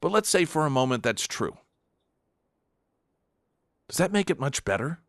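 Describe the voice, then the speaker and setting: A man's voice: on the high side, sing-song, moderate pace, gravelly, a bit bright, no room sound, clean studio sound. A man hosting a talk radio show, delivering an emphatic, combative political monologue with sarcastic asides.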